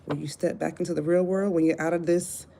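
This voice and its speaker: A woman's voice: fairly low pitch, fairly even intonation, brisk, vocal fry, dark tone. A woman giving a casual live tarot reading, blunt and talkative, cussing and joking to her viewers. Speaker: tarot reader.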